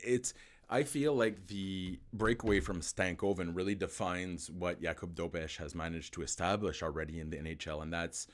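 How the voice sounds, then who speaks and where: A man with a low, deep voice hosts a live post-game hockey show. He talks casually to his viewers, often stumbling and repeating words as he gathers his thoughts. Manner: chatty, repeats words while thinking. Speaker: host.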